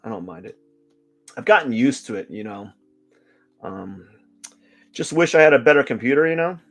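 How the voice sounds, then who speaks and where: A man's voice: medium pitch, expressive, normal speed, faint music behind. A man live-streaming his drawing session, chatting casually in a rambling, joking way. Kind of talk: casual chat while drawing.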